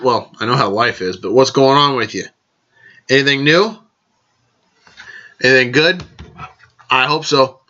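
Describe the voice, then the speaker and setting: A man's voice: mid-range voice, bright, forceful tone, dull audio. A man hosting a casual vlog, rambling along, correcting himself and raising toasts to his listeners. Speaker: podcast host.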